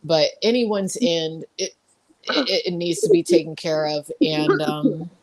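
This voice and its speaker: Low-pitched woman giving hesitant advice. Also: lively intonation, a crowd in the background. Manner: measured, hesitant, repeats words while reassuring. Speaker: podcast host. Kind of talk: casual advice chat.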